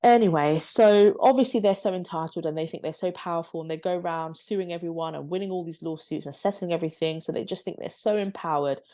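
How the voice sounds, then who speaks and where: Sarcastic low-voiced woman vlogger. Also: fast talker, few pauses, dark tone. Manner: sarcastic, exasperated, mocking. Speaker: commentary vlogger. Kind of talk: opinionated casual commentary.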